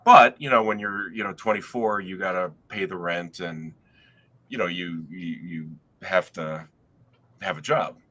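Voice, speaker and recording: A middle-aged man tells a long, winding anecdote as a guest on a chat show, with his sentences often stopping and starting again. His voice sits low, but its tone is bright and pushes forward. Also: fairly even intonation, a little slow. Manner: rambling, self-interrupting anecdote teller. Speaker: guest author. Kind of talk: casual storytelling.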